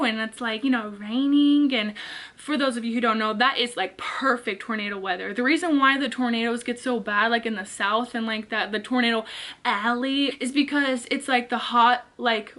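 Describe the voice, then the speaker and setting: A woman vlogger telling a story in a casual, animated way, with lots of filler words and swearing. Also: fairly high pitch, moderate pace. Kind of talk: storytime vlog, casual retelling.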